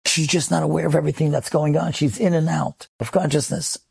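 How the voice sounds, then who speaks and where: An older rabbi speaks in a gentle but firm, measured way, voiced by a man telling the story. The voice is gravelly and husky. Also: on the high side, steady tone, dry recording, heavily acted.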